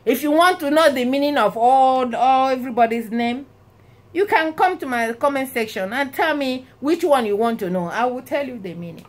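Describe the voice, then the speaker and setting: A woman from Nigeria with a Nigerian accent, talking casually to her viewers in an animated, exclamatory way, often breaking into laughter. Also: high-pitched, moderate pace. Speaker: vlogger. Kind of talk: casual talk to camera.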